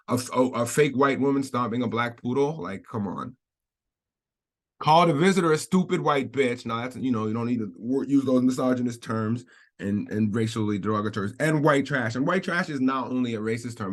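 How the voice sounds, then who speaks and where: A man doing off-the-cuff vlog commentary, reading lines from an article and then riffing on them at length. He rambles and restarts, doubles back to qualify what he said, and laughs often. His voice sits at an ordinary middle pitch for a man. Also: fairly quick. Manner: rambling, repetitive, hedging, frequent laughs. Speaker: commentary vlogger. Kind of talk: casual commentary while reading out a news article.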